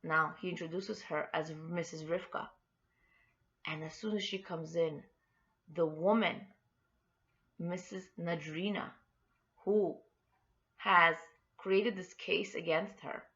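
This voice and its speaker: An earnest woman tells a story of faith and encouragement in a somewhat low voice with a gravelly edge. She speaks in a heartfelt way, as an inspirational host. The recording sounds dull and lo-fi. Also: fairly even intonation, slow, long pauses, fairly bright tone.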